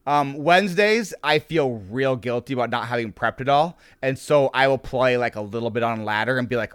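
A man's voice: medium pitch, fairly quick, few pauses, fairly bright tone, smooth, no room sound, studio quality. A man hosting a podcast in casual chat, upbeat and rambling, with lots of fillers and restarts. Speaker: podcast host.

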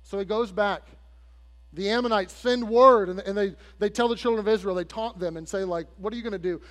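A man preaching a sermon as pastor, telling a story conversationally, speaking straight to the congregation and acting out the people in it. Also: fairly quick. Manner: acts out quoted characters with shifts in pitch and loudness. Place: church sanctuary. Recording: long hall reverb with faint mains hum.

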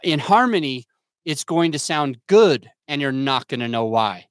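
A young adult man, an entrepreneur and father, appears as a podcast guest, speaking candidly, earnestly, and self-critically while often restarting sentences as he hunts for words. His medium-pitched voice is smooth and moderately paced, with no echo.

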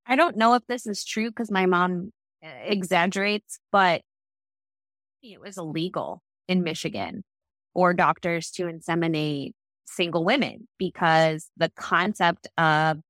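A woman in her late thirties with a lowish voice tells a personal story candidly and reflectively. She sounds close to the mic, in a dry room with no echo, and comes alive when she voices other people. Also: a little slow. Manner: earnest, reflective, lively when quoting others.

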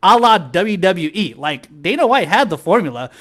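Animated man, higher-pitched guest. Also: normal speed. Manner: animated storyteller, lots of fillers. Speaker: podcast guest. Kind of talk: casual livestream chat.

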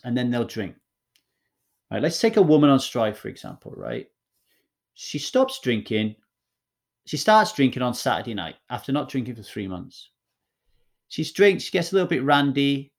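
Speaking at a medium pitch, a middle-aged guest shares a frank personal story. His delivery is blunt and emphatic, with swearing and many restarts.

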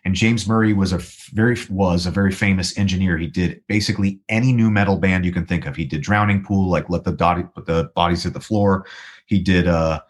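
A man telling a long, rambling anecdote in a relaxed, casual way, full of restarts and quoted dialogue. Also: low-pitched, brisk. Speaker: guest musician. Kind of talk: casual storytelling.

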